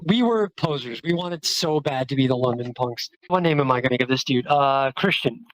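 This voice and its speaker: A trans woman, telling a personal story in a casual, chatty way, full of "like" fillers, with quotes acted out in a higher voice. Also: fairly bright tone, no echo, rough recording. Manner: chatty, many "like" fillers, acts out quotes with jumps in pitch. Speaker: storyteller, activist.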